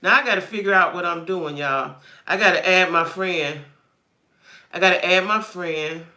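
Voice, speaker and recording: A woman hosts a casual live chat stream in a very bright, forceful voice. She talks straight to her viewers, greets them by name, and narrates her own fumbling with the stream settings as she goes. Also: fairly low pitch, normal speed. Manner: thinks aloud while fumbling with stream settings. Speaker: livestream host.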